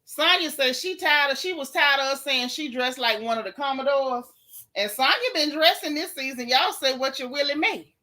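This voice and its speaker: Sassy chatty woman, bright voice. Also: high voice, normal speed, few pauses. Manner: sassy, chatty, Southern Black vernacular on purpose. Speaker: reality TV recap host. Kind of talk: casual gossip recap reading live chat.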